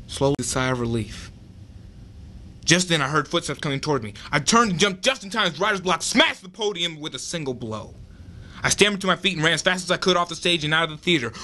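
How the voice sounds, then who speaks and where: A man's voice: sits high, pushed and bright. A young man reading his own dramatic story aloud at an open mic.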